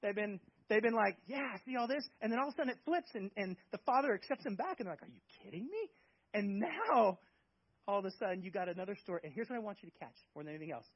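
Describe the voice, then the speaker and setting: A man's voice: sits high, animated, rapid-fire, dry recording, lo-fi sound. A male pastor preaching a sermon in an emphatic, conversational way, with many rhetorical questions.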